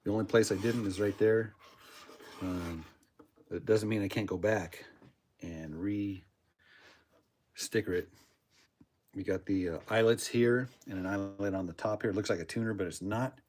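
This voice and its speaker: A man's voice: lowish voice, normal speed, long pauses, a little mellow, a little hiss or hum. Rambling man, casual storyteller. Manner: rambling storyteller, repeats words, acts out quotes. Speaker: podcast host, cigar box guitar builder. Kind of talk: casual chat with live chat viewers.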